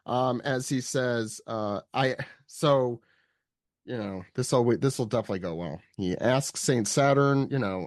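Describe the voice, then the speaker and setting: A man hosts a casual podcast, talking through a comic chapter in a loose, halting way. His voice is mid-pitched and ordinary. The recording is close and dry. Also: no echo. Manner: relaxed, hesitant, many ums, hands off to co-hosts. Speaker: podcast host. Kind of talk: casual chapter recap chat.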